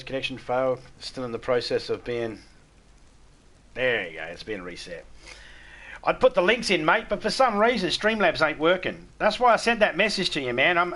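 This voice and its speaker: Blunt Australian man, bright voice. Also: fairly high pitch. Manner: blunt, swears freely, stammers on restarts. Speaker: game streamer chatting with viewers. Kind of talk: casual live-stream chat.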